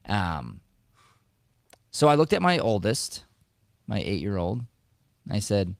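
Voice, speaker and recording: A man in his thirties with a low voice that swings up and down a great deal as he tells stories and plays out what people said. The sound is close and dry, with no room echo. He talks casually, like a podcast host. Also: takes it slowly, vocal fry, long pauses. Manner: animated storyteller acting out quoted lines. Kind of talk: casual talk on acting and life.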